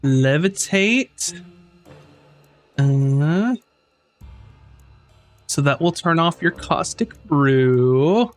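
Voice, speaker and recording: A man running a tabletop game as game master, narrating in a halting way with many ums and uhs. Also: fairly high pitch, animated, soft background music.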